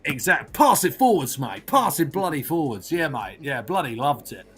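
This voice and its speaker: A man's voice: a little high, very animated, normal speed, faint music behind. A man doing a comedic impression of a blunt, swearing Australian football manager, with a broad Australian accent, tagging nearly every line with "mate". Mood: gleeful ranting. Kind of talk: comedic impression in podcast chat.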